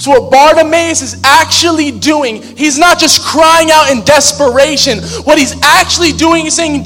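A man preaching a sermon with rising passion, repeating his phrases and often breaking into shouts. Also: very high voice, normal speed, few pauses. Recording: long reverb of a large hall with music.

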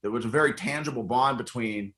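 A man's voice: mid-range voice, a little fast, fairly bright tone. A middle-aged American man speaking earnestly in a casual interview as a congressional candidate, with many fillers and restarts. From United States.

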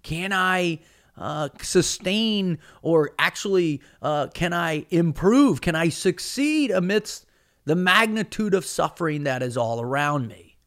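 Brief: middle-aged male podcast host, earnest and emphatic, slightly higher voice, solo motivational talk. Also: lively intonation, slow pace, fairly bright tone. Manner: earnest, emphatic, says "man" often.

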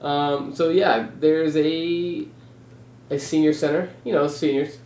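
A young man in casual comedic chat, spinning deadpan absurd tangents. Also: a little high, takes it slowly. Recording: roomy echo.

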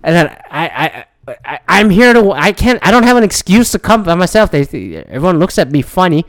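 A man's voice: high voice, animated, brisk, dry recording. A man rambling casually and profanely about his travels, with frequent restarts and asides.

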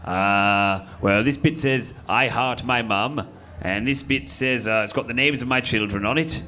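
A man's voice: mid-range voice, measured pace, pushed and bright, a little hiss or hum. A man playing a dim-witted, bumbling newspaper man who hesitates and fumbles, in an improvised comedy.

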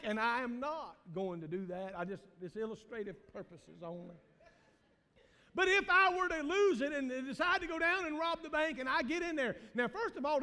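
A man with a Southern US accent, a pastor preaching a sermon in a church, swinging from loud shouts to hushed low tones. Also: big-room sound. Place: church sanctuary.

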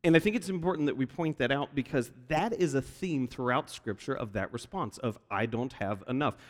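A pastor preaches in a church, animatedly narrating and performing the voices of the people he quotes. He speaks fairly quickly in a mid-range voice, with the long echo of a big hall around him.

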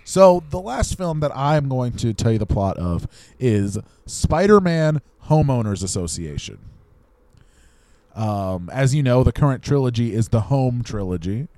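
Rambling man pitching silly movie plots. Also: very animated, a little slow, mellow, dry recording. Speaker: podcast co-host; teacher. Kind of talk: casual comedic chat.

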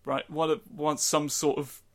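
On a casual podcast, a male co-host with a slightly high, flat voice tells a rambling, jokey story at a measured pace, acting out the quotes. He's recorded on a studio microphone.

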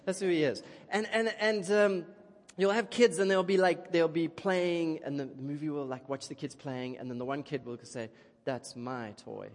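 A man preaching a sermon in an animated, chatty way, often checking in with the crowd. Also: fairly high pitch, normal speed. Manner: animated, chatty, keeps asking "okay?". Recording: long reverb of a large hall.

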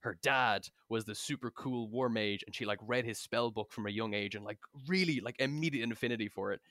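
A man, a guest game master, telling a story in a rambling, animated way with many fillers and restarts and plenty of swearing. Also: on the low side, a little fast, dry recording, clean studio sound. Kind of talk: casual podcast chat, storytelling.

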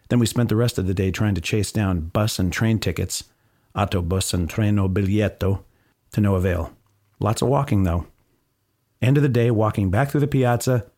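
Guy from the us reading his travel journal, sarcastic asides, deep voice. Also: darkish tone, no room sound, clean studio sound. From United States. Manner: wry, sardonic asides. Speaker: narrator.

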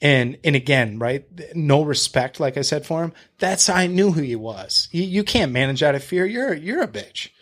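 Podcast guest, male, fairly high voice, swears freely, tells a story with many restarts. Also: lively intonation, normal speed, hardly any pauses, a bit bright. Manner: blunt and profane, retelling a confrontation; talks to the host with fillers and restarts. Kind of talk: casual storytelling.

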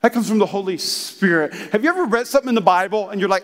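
A male pastor giving a lively, conversational sermon, breaking into acted asides. His voice sits high for a man. The room carries a long reverb, as in a large church hall. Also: fast talker.

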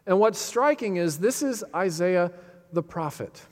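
A man preaching with a slightly high voice that rings out through a hall with a long, lingering reverb. He pushes key words up with force, then drops to a hushed, heavy tone and leans on dramatic pauses. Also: expressive. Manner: emphatic, rises on key phrases then drops low and quiet; dramatic pauses, quotes lines with feeling. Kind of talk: sermon.

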